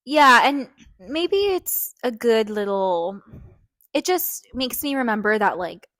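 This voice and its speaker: A young woman chats casually as a podcast co-host, her voice sitting fairly high. She talks in loose bursts full of likes and restarts, recorded dry and close with no room sound. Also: animated, takes it slowly, a bit bright, dry recording. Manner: chatty, many likes and restarts. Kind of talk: casual book discussion chat.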